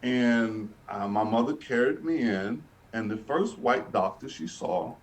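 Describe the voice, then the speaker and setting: A man from Birmingham, Alabama, in the US, earnestly tells his life story as a guest in a sit-down interview, often repeating and restarting phrases. His mid-range voice is expressive and measured in pace, and it's picked up from a distance.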